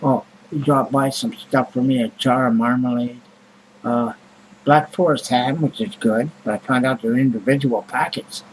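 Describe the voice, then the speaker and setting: A man's voice: mid-range voice, steady tone, moderate pace, a little hiss or hum, poor audio. A man vlogging in a rambling, casual monologue, blunt and grumbling, with heavy swearing and many fillers.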